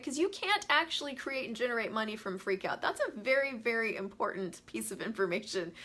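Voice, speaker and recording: A woman talks casually on a live stream, animated and quick to greet viewers by name. Her voice sits a little high and rings very bright and forward. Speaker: host of a live money talk.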